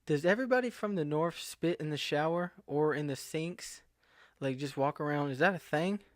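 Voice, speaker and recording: A man's voice: a little high, normal speed, no echo, clean studio sound. A young man from the southern United States vlogging casually, rambling and interrupting himself, getting incredulous. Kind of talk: casual rambling commentary to camera. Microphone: computer screen recording.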